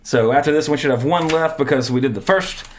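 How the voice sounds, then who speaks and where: A man's voice: fairly high pitch, fairly quick, a little hiss or hum. A man hosting a casual podcast, rambling and correcting himself as he sets up a segment. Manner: rambling, self-correcting, chuckles often. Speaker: podcast host.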